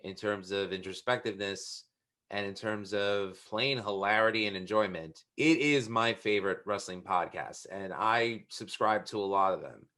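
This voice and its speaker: Bright-voiced blunt male podcast host. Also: on the low side, moderate pace. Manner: opinionated, blunt, swears freely. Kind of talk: casual chat.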